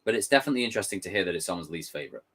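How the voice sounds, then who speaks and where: Reading chat on a live stream, this man talks loosely and rants in an exasperated, animated way, cursing without restraint. He speaks low and rapid-fire, with a breathy edge.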